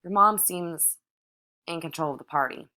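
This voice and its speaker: A flustered teenage farm girl, read by a woman, speaks earnestly and a little awkwardly. The voice sits low. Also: normal speed, sharp tone.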